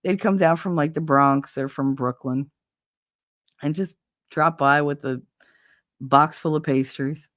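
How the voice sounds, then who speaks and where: A woman's voice: low voice, fairly even intonation, unhurried, long pauses, fairly bright tone, no room sound, studio quality. A woman hosting a livestream, telling blunt, profane anecdotes with frequent laughter in casual chat. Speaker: livestream host.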